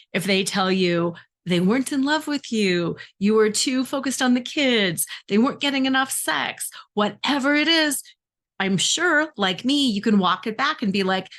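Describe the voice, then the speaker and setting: A woman's voice: medium pitch, fairly bright tone. A middle-aged woman, a relationship coach, talking emphatically and conversationally to her viewers. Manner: emphatic, conversational, acts out quoted voices. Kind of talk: direct-to-camera coaching talk.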